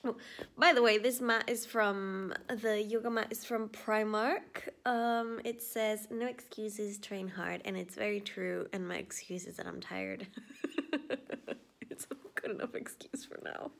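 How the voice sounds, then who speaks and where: Woman, vlogger, casual chat at home, tired, giggly, rambling, whispered asides, middle pitch. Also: level tone, unhurried, gravelly, a bit bright. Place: at home indoors.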